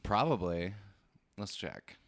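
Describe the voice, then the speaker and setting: Very deep-voiced laid-back man. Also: lively intonation, takes it slowly, no echo, clean studio sound. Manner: laid-back, enthusing about music. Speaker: podcast co-host. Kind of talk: casual chat.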